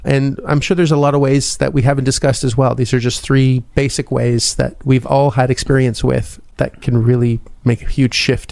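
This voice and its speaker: A man's voice: medium pitch, vocal fry, a little mellow, no echo, clean studio sound. A man hosting a podcast, rambling and self-deprecating, with a slight lisp. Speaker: podcast host. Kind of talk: casual podcast wrap-up.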